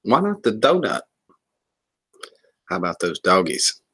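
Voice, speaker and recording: A man's voice: sits low, wildly swooping pitch, unhurried, bright, forceful tone, breathy edge. A man hosting a casual livestream, joking, laughing often and rambling as he greets viewers and reads comments. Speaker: livestream host.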